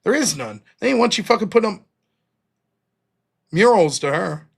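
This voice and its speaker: A man's voice: high voice, lively intonation, moderate pace, creaky, slightly rough. A man hosting a live stream, ranting bluntly with lots of swearing and reading out viewer donations. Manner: profane, heated, blunt. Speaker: livestream host reading donations. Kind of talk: casual livestream rant.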